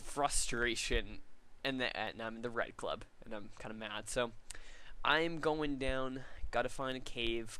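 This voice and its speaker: A man's voice: mid-range voice, a bit bright. A young man giving casual, rambling commentary over a video game, laughing at himself and trying out silly voices. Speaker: gaming commentator.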